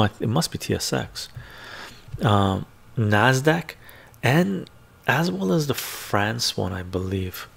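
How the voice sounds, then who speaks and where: A man hosting a finance video speaks in a fairly low, creaky voice, recorded close to the mic in an ASMR style. He talks casually while sharing his screen, thinking aloud and often muttering to himself as he browses stock charts.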